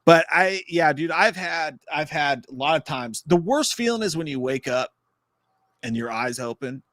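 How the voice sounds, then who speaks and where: A man's voice: on the high side, lively intonation, moderate pace, fairly bright tone, no room sound, clean studio sound. A man co-hosting a casual livestream, telling rambling, crude stories and laughing along. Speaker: podcast co-host.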